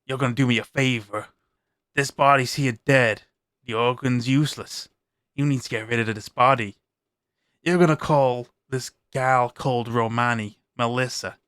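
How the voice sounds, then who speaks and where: A man's voice: mid-range voice, fairly even intonation, moderate pace, fairly bright tone, smooth, no echo, studio quality, close to an everyday voice. A man voicing a crude, scheming vampire who gives blunt, profane orders in a tabletop game. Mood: menacing.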